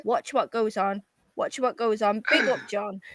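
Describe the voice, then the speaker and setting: A woman's voice: medium pitch, steady tone, unhurried, a bit bright. A woman hosting a call-in stream, trading profane, mocking taunts in a heated live argument on a close mic. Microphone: close desk mic.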